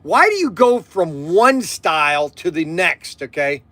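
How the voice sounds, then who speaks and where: A middle-aged man from Southern Ohio chats casually as the host of a livestream. His voice sits high and swings widely in pitch. He rambles from one aside to the next and laughs often. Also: very animated, measured pace, bright, forceful tone, no echo.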